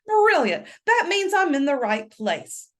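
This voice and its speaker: A woman's voice: sits high, sing-song, unhurried, pitched above the performer's own voice. A woman voicing a polite, cheerful male lawyer with a British accent.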